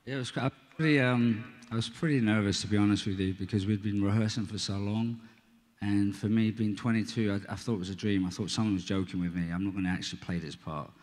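A man in his forties, a guest actor, speaking earnestly and haltingly at a live panel. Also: lowish voice, fairly even intonation, a little mellow. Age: 40s. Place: live event stage.

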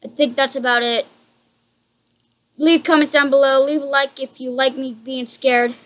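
High-voiced jumpy woman gaming. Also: flat delivery, moderate pace, fairly bright tone. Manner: jumpy, apologetic and easily frightened. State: frightened. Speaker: gaming channel host. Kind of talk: horror game commentary. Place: room at home, indoors.

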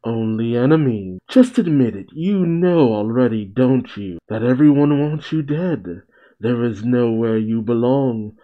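A man's voice: medium pitch, animated, a little slow, narrow, tinny audio, natural voice. A man reading the lines of a cruel male demon spirit in a manga, taunting coldly, close to his own voice. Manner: cold, taunting.

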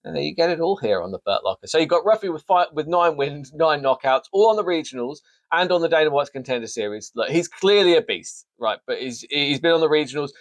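A man with a higher-pitched, expressive voice talks briskly with few pauses, and there's no echo. Hosting a sports podcast, he casually previews a fight card, wandering into jokey, self-mocking asides.

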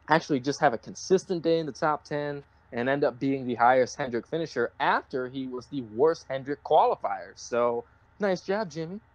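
A woman's voice: low voice, no room sound. A woman co-hosting a casual racing podcast, who jokes, teases and swears freely. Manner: joking, teasing, swearing. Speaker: podcast co-host. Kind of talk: casual sports podcast chat.

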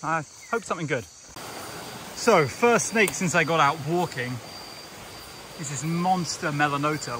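A man's voice: a little high, measured pace, long pauses. A man vlogging outdoors at night in a jungle, chatting with enthusiasm about the snakes he finds, with a handheld camera mic. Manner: enthusiastic, chatty, breaks into quiet asides. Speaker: reptile field herper. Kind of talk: casual nature vlog narration. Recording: outdoor night with loud insect noise. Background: insects and crickets at night.

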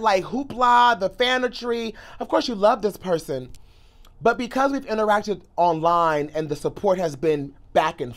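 A young man telling an excited storytime in a sassy, theatrical way, swinging between loud outbursts and hushed asides. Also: fairly high pitch. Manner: sassy, calls the listener girl and honey. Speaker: pop culture commentator and YouTuber.

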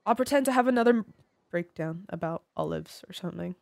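With a fairly low, gravelly, darkish voice, a woman streamer speaks quickly and animatedly over clean, echo-free audio. As she plays, she banters with her chat, swearing plenty, joking, and laughing in an exaggerated, playful manner.

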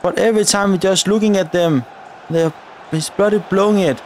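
High-voiced man narrating a football game. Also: normal speed, a little hiss or hum. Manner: chatty, complaining at the referee and players. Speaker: gaming video creator. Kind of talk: live football-game commentary.

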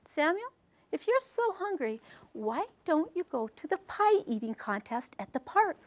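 An eager little brother from a children's story, high and coaxing, put on by a woman. He is keen and boyish. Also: very animated, unhurried.

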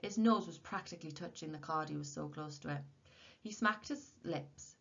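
A woman teacher reading a novel aloud to her class in a steady, expressive way. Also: low voice, moderate pace, creaky. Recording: dull lo-fi recording.

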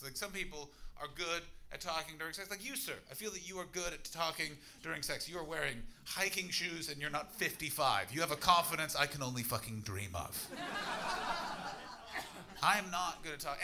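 A young man from Canada doing a brash stand-up set, muttering asides and then shouting at the crowd. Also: fairly high pitch, a little hiss or hum. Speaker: stand-up comedian. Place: comedy club in front of a laughing audience.

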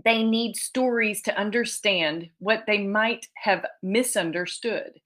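A woman's voice: mid-range voice, slow pace, a bit bright. Tearful, emotional woman author presenting over a video call; reads children's letters aloud and laughs often. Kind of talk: conference presentation reading letters.

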